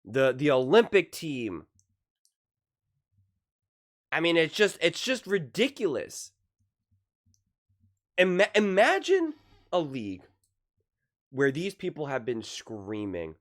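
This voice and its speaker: A man's voice: on the high side, huge pitch swings, slow, pauses often. A man ranting in a reaction commentary on sports, heated and repetitive.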